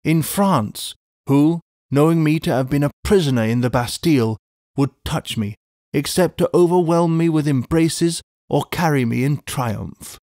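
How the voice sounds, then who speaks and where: A man playing a calm, self-assured older doctor who speaks with cool confidence in a storybook reading. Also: a little high, measured pace, no echo, clean studio sound. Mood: calm confident.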